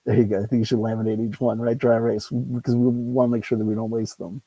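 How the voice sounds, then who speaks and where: A man's voice: medium pitch, little pitch movement, fast talker, dark tone, husky, low-quality recording. A man hosting a solo tabletop game on a lapel mic, rambling and ranting, swearing freely. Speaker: solo tabletop game player and channel host. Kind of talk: casual solo game commentary.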